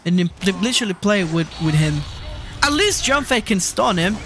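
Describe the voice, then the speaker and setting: A streamer giving live commentary over a video game, exasperated and swearing often, with sudden shouts at the screen. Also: mid-range voice, very animated, normal speed, soft background music.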